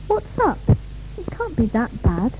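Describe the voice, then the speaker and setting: A woman's voice: high voice, wildly swooping pitch, measured pace, dark tone, a little hiss or hum, exaggerated voice, low-quality recording. A woman playing a sympathetic friend in a scripted language-course dialogue, asking questions in a bouncy, sing-song way. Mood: concerned.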